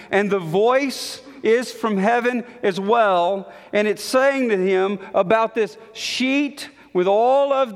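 A man with a high voice preaches slowly, lingering on words with dramatic pauses and repeating lines for emphasis. His voice rings out with the long reverb of a large church hall. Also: fairly bright tone. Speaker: pastor. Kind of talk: sermon.

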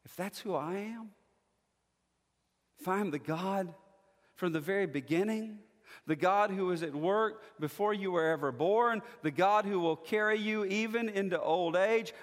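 A man preaching a sermon as pastor, measured and emphatic, leaning on slow, stressed phrases. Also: high-pitched, a bit bright, in a large hall.

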